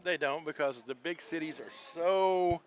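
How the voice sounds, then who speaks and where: A man's voice: fairly high pitch, unhurried. A man with a Texan accent doing color commentary, telling stories in a folksy, drawling way while commentating outdoors at a paintball field. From Texas. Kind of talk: live sports commentary banter.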